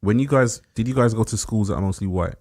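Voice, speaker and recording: Male podcast co-host, very low voice, measured and earnest. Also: creaky, a little mellow. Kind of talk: casual chat.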